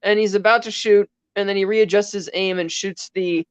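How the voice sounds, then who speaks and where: A woman's voice: medium pitch, steady tone, moderate pace, smooth, no room sound. A woman co-hosting a podcast, animatedly retelling a film scene in casual chat and briefly acting out the characters' lines. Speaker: podcast co-host.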